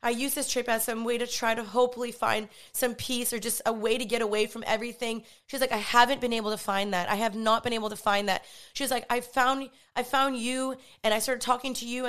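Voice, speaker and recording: A young woman hosting a podcast, telling a story in a casual, animated way, quoting dialogue and saying "like" a lot. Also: a little high, fairly quick. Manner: animated retelling with quoted dialogue, many "like"s. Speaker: podcast host.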